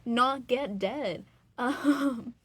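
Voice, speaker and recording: A woman's voice: fairly high pitch, extremely slow, fairly bright tone, husky. Joking young woman podcast co-host. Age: young adult. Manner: joking asides, laughs often. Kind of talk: casual chat, student radio podcast.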